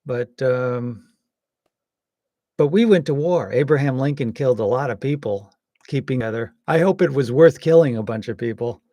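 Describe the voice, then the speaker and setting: A man giving casual, rambling political commentary, hesitant with many pauses and some wry jokes. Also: mid-range voice, mellow, no room sound. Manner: wry and joking.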